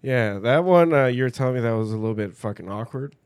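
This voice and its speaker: A man's voice: mid-range voice, fast talker, clear, resonant tone, no echo. A man in casual chat, joking and teasing his friend. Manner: joking, teasing, lively delivery.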